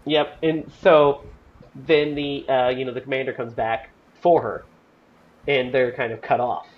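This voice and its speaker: A man hosting a podcast, chatting casually and excitedly about a film, rambling with lots of fillers. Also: mid-range voice, unhurried, lo-fi sound. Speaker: podcast host. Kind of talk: casual movie review chat.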